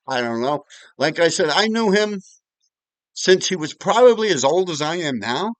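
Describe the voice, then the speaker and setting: A man's voice: fairly high pitch, very animated, moderate pace, a bit bright, no echo. A man, telling neighborhood stories in a rambling, profane, casual way. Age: 50s. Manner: rambling and profane, with frequent restarts and asides. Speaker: vlogger storyteller. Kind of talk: casual storytelling.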